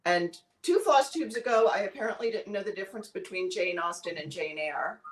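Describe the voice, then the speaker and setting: Expressive and a little quick, this medium-pitched woman from the Midwestern United States teases playfully as a co-host in relaxed conversation. The recording picks up room echo and some faint noise.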